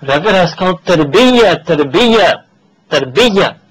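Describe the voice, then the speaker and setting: Male lecturer, American accent, husky and slightly high, casual teaching tone with Urdu asides. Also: expressive, slow, low-quality recording. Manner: conversational, switches into Urdu, laughs at own asides. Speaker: Islamic teacher. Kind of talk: religious lecture to a gathering.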